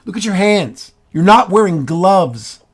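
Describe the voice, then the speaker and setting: A man's voice: sits high, animated, unhurried, exaggerated voice. An actor in a stage reading playing a reformed ex-convict who reasons urgently with his partner. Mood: tense. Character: reformed male ex-con, tense and calculating.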